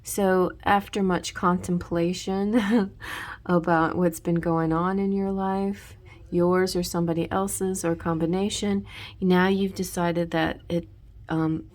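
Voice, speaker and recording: A woman's voice: lowish voice, flat delivery, a little slow, darkish tone. A woman giving a casual tarot reading in a rambling way, full of restarts and "you know". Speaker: tarot reader.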